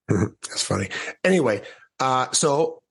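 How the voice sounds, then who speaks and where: A man's voice: mid-range voice, takes it slowly, breathy edge. A man as a podcast guest, telling his personal story in an earnest way, often restarting his sentences. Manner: earnest, restarts sentences, animated when quoting.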